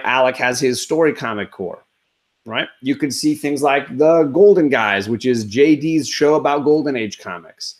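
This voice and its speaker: A man hosting a casual comics live stream, chatting loosely and greeting viewers in the chat. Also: mid-range voice. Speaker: comics channel host.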